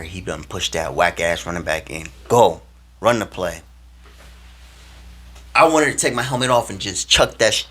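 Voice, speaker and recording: A young male vlogger with a very low, deep, husky voice tells a personal story to the camera. His talk is casual and slangy, turning animated and then hushed as he swings between loud and quiet.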